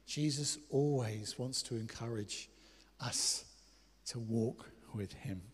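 A man's voice: mid-range voice, unhurried, husky. Man preaching in a reverberant church. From England. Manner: animated, swings from loud exclamations to hushed quoted words. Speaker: pastor. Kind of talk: sermon. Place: church hall. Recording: long church hall reverb.

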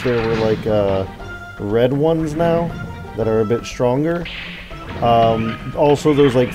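Young guy doing let's play commentary, rambly, lots of um and like, swears when annoyed, game music under it. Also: mid-range voice. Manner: rambling, swears when frustrated, many fillers. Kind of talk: casual gameplay commentary.

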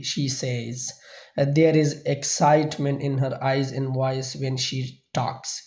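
A man narrating a novel in the first person as an audiobook reader, halting at times with small slips and restarts. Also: medium pitch, little pitch movement, a little mellow.

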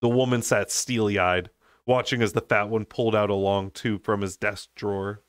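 A man's voice: on the low side, steady tone, moderate pace, clean tone, no room sound, studio quality. A man reading a fantasy novel aloud as a storyteller, unedited. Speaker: book reader.

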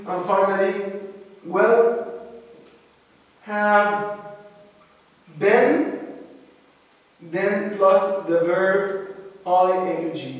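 A man teaching an English grammar lesson, explaining slowly and deliberately and repeating key points. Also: high-pitched. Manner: slow, deliberate explaining with repetition. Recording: echoey room, far from the mic.

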